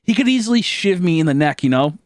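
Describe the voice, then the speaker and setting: A man livestreaming a game and telling a story at a loose, rambling pace. His voice sits a little higher than most men's. The sound is dry and close, and he swears freely and breaks into laughter often. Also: lively intonation, fast, no room sound. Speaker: streamer.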